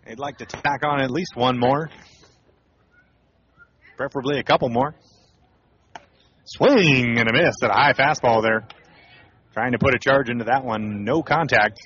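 Male radio baseball announcer, middle pitch, laid-back and chatty, slightly muffled broadcast. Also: normal speed, long pauses, slight background noise. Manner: relaxed, conversational calling with asides. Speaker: play-by-play announcer.

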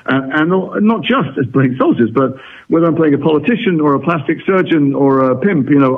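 A middle-aged English actor from England, talking reflectively and wryly as a radio interview guest. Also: male voice, mid-range voice, slightly rough. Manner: reflective, articulate, wry. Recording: phone-like radio line.

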